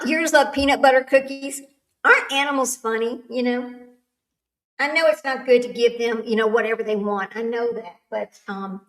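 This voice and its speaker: A woman's voice: fairly high pitch, fairly bright tone. Chatty older woman streaming, echoey room. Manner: chatty, rambling, laughs often. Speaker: livestream host. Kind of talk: casual chat with live chat. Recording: echoey room, far from the mic.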